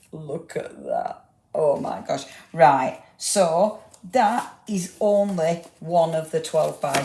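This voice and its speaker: A woman with a lowish, slightly mellow voice hosts a live craft show, demonstrating products in a chatty, gushing manner. She presents each item, greets viewers by name, and asks them questions, all in an echoey room.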